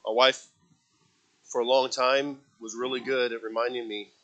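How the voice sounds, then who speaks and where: A man preaching a sermon, telling stories with acted quotes and swinging from loud dramatic bursts to low, quiet asides. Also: flat delivery, normal speed, muffled recording. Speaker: pastor.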